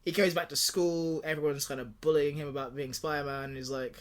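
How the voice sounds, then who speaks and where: A man co-hosting a podcast in casual chat, pitching a movie plot and acting out characters in quick voices, laughing often. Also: steady tone. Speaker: podcast co-host.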